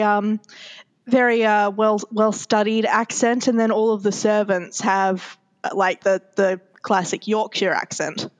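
A woman hosting a podcast in casual chat, talking thoughtfully with frequent pauses and fillers. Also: mid-range voice. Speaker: podcast host.

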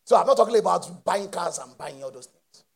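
A man preaching a sermon with impassioned call-and-response and shouted peaks. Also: sits high, lively intonation, brisk, creaky, slightly rough.

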